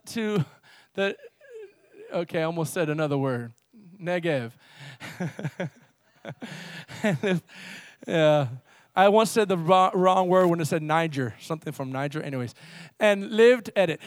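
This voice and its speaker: A man preaching a sermon in a church, swinging between loud emphatic reading and low, quiet asides. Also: animated, moderate pace, pauses often, no echo, clean studio sound. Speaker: pastor.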